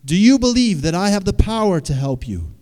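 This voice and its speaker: A man voicing a calm, patient voice calling from the sky. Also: high-pitched, a little fast, big-room sound, voice pushed up. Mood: calm questioning. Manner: patient questioning.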